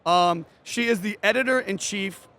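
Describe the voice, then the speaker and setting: High-voiced, rambling New York man hosting. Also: normal speed, bright, forceful tone, slight background noise. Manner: loose and rambling, many fillers. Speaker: host, interviewer. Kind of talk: casual interview talk.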